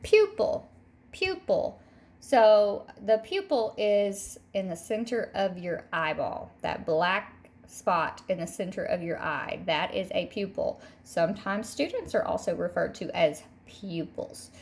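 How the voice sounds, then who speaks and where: A woman teaching a third grade phonics lesson. She speaks patiently and says each word twice, clearly, so children can repeat it. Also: medium pitch, unhurried. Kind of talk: recorded classroom phonics lesson.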